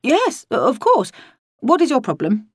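A woman's voice: high-pitched, huge pitch swings, a little slow, slightly rough, dry recording, clean studio sound, pitched above the performer's own voice, heavily acted. A woman voicing an unflappable male director. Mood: calm formal. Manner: clipped, understated and polite.

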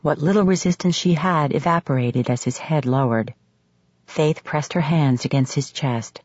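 Low husky woman narrating. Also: moderate pace, darkish tone, no echo. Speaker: audiobook narrator. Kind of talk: scripted romance narration. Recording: slightly muffled studio audio.

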